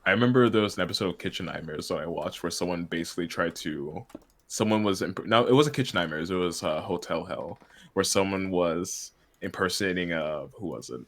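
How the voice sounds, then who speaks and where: A man's voice: low-pitched, brisk, a bit bright. A man chatting casually on a stream while he paints, rambling and often laughing. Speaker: art streamer.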